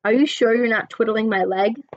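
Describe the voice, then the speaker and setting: A woman's voice: a little high, normal speed, no room sound, muffled recording, close to an everyday voice. A woman voicing a huge, kindly, very old male giant who mangles his grammar and invents words. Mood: animated.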